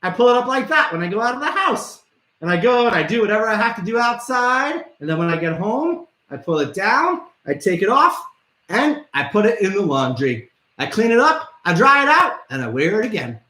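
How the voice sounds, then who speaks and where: Brief: man hosting a kids' show, bright forceful voice, swoops up and down, echoey room. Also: high voice, big pitch swings, a little fast. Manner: playful, theatrical, calls out to viewers. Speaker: kids' trivia show host. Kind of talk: upbeat live show for children.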